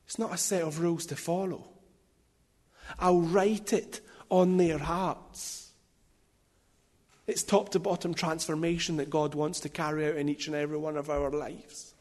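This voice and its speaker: A man preaching a sermon in a deliberate, emphatic way, with light self-deprecating asides. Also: fairly high pitch, flat delivery, long reverb tail.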